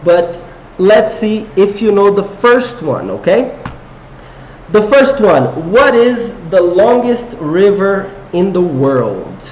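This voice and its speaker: A man's voice: high-pitched, very animated, slow pace, a little mellow, echoey room, lo-fi sound, slight background noise. A man teaching an English grammar lesson to viewers, encouraging them and quizzing them with questions. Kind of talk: live online English lesson.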